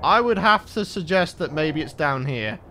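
Male let's-play host, lively sing-song pitch, easily spooked. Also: normal speed, a little hiss or hum. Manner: jittery, exclaims and repeats himself when scared. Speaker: gaming channel host.

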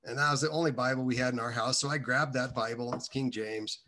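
Bright-voiced man telling his story. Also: mid-range voice, fairly even intonation, slight background noise. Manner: halting, meandering delivery with many restarts. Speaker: guest telling his faith testimony. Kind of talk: casual personal storytelling.

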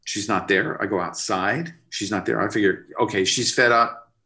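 A middle-aged man, a record producer, telling an animated story in a casual interview. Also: fairly low pitch, normal speed. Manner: animated, expressive, pushes to sudden bursts. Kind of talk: storytelling anecdote in casual conversation.

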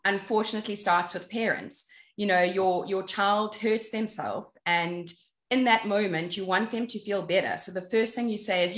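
A woman's voice: mid-range voice, moderate pace, fairly bright tone. A woman on a discussion panel, explaining her views earnestly in casual chat. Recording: echoey room.

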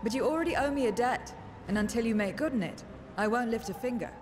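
An actress voicing a detached woman fiend in a game cutscene, coolly naming her price and refusing to help until a debt is paid. She speaks evenly and without warmth, over a game score. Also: fairly high pitch, lively intonation, quick pace, music in the background, natural voice. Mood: aloof. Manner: cool, transactional, withholding. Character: aloof woman fiend who bargains for ether.

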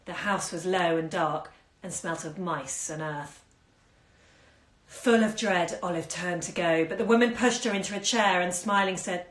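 A woman's voice: on the low side, a little slow. A woman reading a short story aloud at home, giving the dialogue small acted turns. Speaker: bookshop owner reading aloud. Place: indoors at home during lockdown. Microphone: phone on a live stream. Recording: echoey room on a phone stream.

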